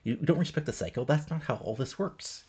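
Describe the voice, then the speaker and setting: A man's voice: on the high side, brisk, a little mellow, slightly rough, voice pushed up. A man voicing a scheming male wrestling manager who talks in a pushy, scornful way.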